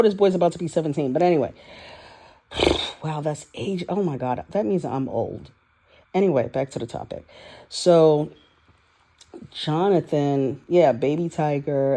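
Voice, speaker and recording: Woman, 40s, dark mellow tone, unscripted confessional vlog, raw and rambling. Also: deep voice, normal speed. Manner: candid, rambling, profane, emotional. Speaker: vlogger. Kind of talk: confessional audio diary. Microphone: voice-only recording, no video.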